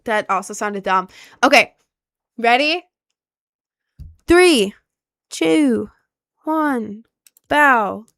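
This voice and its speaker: A young American woman with slight Southern and New York touches, chatting casually as a gaming streamer and repeating excited exclamations. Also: a little high, extremely slow, creaky, pauses often. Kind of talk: casual live-stream chat.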